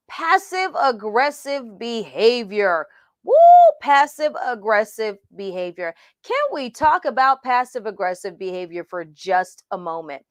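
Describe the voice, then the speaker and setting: A middle-aged woman teaching mentors about leadership mistakes in an emphatic, animated way, acting out the voices she quotes. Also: medium pitch, no echo, studio quality. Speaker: ministry mentor trainer.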